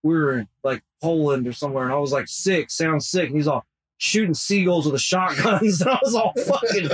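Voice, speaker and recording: A man's voice: fairly high pitch, brisk, husky, low-quality recording. A man hosting a casual podcast, swearing freely and acting out quotes as he tells stories. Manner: profane, laid-back storyteller acting out quotes. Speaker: podcast host and tattoo artist. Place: workshop.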